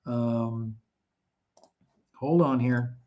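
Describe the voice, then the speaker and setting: A man's voice: mid-range voice, fairly even intonation, drawn-out words, warm tone. A man from the United States co-hosting a live online interview show, chatty and prone to self-corrections. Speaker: co-host. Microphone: video call.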